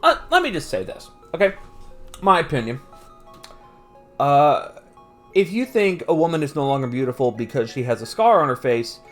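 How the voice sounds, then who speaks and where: A man's voice: mid-range voice, moderate pace, long pauses. A man with an average, mid-range voice talks through an anime episode like he's chatting with a friend. He stumbles over fillers, laughs easily and swears without a second thought. Faint music plays under him. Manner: gets animated and opinionated. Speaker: podcast host recapping an anime. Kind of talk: casual episode recap.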